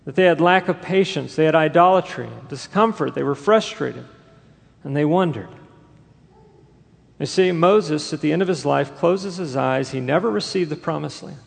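A man preaching a sermon as pastor, emphatic and building to forceful bursts. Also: on the high side, moderate pace, vocal fry, big-room sound.

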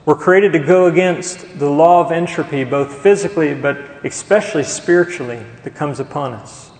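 A male pastor delivers a sermon in a church sanctuary, his voice slightly higher than most men's. He preaches emphatically and keeps asking the congregation questions. The hall gives his words a long, roomy echo. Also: normal speed, a little mellow.

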